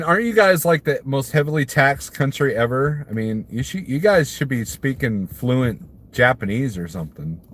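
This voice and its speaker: A man's voice: mid-range voice, fairly bright tone. A man from Missouri, a trucker hosting a casual live stream, rambling and answering viewer comments while chuckling at his own jokes. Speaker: trucker livestreamer.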